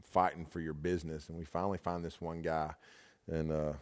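Male pastor, very low voice, loose rambling sermon delivery, long hall echo. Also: little pitch movement, fairly quick. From United States. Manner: casual, rambling, with many fillers and restarts. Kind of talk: storytelling sermon. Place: large hall at a camp session.

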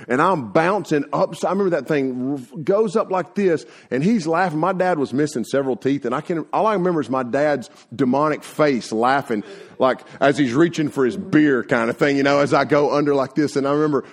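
A man preaching a sermon to young people, telling homespun stories in a folksy, animated way full of filler words. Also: mid-range voice, a little fast. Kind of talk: sermon with personal storytelling.

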